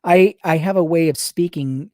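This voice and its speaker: A woman reading a book aloud on a livestream, rapid-fire, breaking off for sarcastic asides to her viewers. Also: sits low, dark tone, no echo, clean studio sound. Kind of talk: reading aloud with live commentary.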